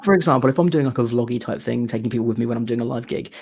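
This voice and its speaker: A man's voice: mid-range voice, rapid-fire, gravelly, darkish tone, breathy edge. A man in his thirties with a British accent, hosting a casual theatre chat and often repeating words as he gets to his point. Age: 30s. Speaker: host of a theatre live chat.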